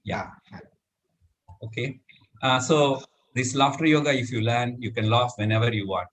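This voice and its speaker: Middle-aged male instructor leading a laughter yoga session with loud "very good" cheers and laughs. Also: medium pitch, steady tone, moderate pace. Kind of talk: live demonstration talk.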